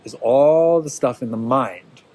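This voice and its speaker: A man's voice: medium pitch, measured pace, a little mellow, poor audio. Male workshop leader, mid-range voice, casual and encouraging, keeps asking "right?". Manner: conversational, checks in with listeners. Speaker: teacher leading a workshop. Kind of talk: informal teaching talk to a small group.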